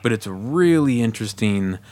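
A man with a fairly low voice talks through a recommendation on a podcast. He is relaxed and explanatory and fills his pauses with ums. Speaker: podcast co-host. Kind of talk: casual chat.

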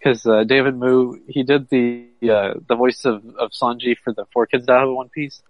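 A man co-hosting a casual podcast, chatting loosely, laughing often and slipping into gruff put-on voices. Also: mid-range voice, fairly even intonation, normal speed, dull audio. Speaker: podcast co-host.

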